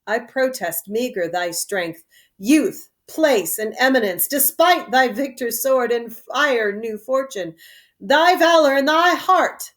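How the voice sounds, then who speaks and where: A woman reading the part of a vengeful young nobleman who challenges his treacherous brother, in a slow, declamatory verse reading. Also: a little high, expressive, fairly bright tone. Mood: defiant. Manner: declamatory, deliberate.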